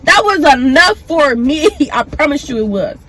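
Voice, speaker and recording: A young woman with a high voice tells a storytime vlog in a loose, animated way. She swears freely and jumps into the voices of the people in her story. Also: normal speed. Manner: animated, profane, acts out the dialogue. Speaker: vlogger. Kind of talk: storytime vlog, casual retelling.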